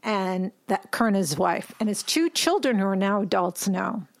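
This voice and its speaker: A woman in casual chat, retelling a film's plot in an animated way and acting out the characters' lines as she goes. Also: mid-range voice, normal speed, creaky.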